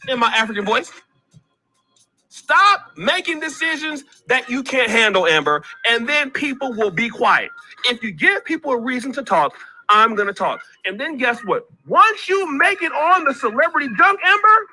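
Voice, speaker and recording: A man's voice: very high-pitched, big pitch swings, moderate pace, sharp tone, faint music behind. A man hosting a commentary vlog, ranting in a preachy way, repeating himself and calling out people by name.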